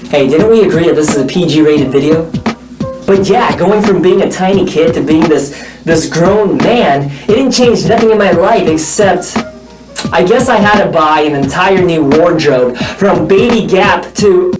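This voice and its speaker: A young man cracking jokes at his own expense as he chats to viewers, his voice swinging up and down with lively energy. He sounds a bit far from the mic in a roomy, echoey space, with music running underneath. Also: high voice. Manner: joking, playful, self-teasing. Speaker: vlogger. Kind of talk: casual vlog talking to viewers. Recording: echoey room, mic at a distance, music behind.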